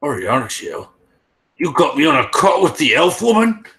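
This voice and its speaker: A man voicing a gruff male orc warrior in a tabletop game, with a rough, growly voice. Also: on the high side, big pitch swings, normal speed, a bit bright. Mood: indignant.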